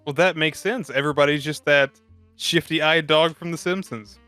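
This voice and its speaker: A man's voice: fairly high pitch, steady tone, bright, forceful tone, faint music behind. A man co-hosting a casual film chat, cracking jokes and swearing. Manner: quick, joking, profane. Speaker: podcast co-host. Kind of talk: casual chat about a film over beer.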